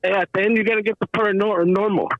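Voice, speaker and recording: A man's voice: high-pitched, steady tone, fast talker, no room sound. A man calling into a show, telling a story in a rambling, slangy way, saying bro a lot. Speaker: caller. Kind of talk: casual storytelling. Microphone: phone call. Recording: tinny phone line.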